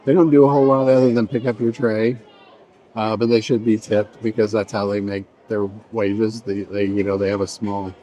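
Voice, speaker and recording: A middle-aged man with a fairly low voice talks his way through a food-tasting vlog. He rambles and trails off mid-sentence between bites, recorded inside a restaurant. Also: flat delivery, moderate pace, mellow. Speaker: vlogger reviewing a buffet. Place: indoor buffet restaurant.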